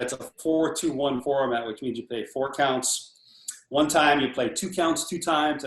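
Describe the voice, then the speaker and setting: A man in his sixties giving a casual drum lesson over a video call, animated and counting off patterns as he explains them. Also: mid-range voice, echoey room, slight background noise. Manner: animated, talks through patterns while counting off. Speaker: drum instructor.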